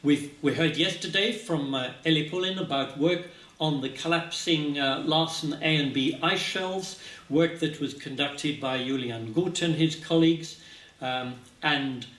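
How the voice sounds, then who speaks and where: A man giving a scientific talk at a symposium, speaking haltingly with many filler sounds, recorded from a distance in a lecture hall. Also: a little high, a bit bright. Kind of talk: conference presentation. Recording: echoey hall, speaker far from mic.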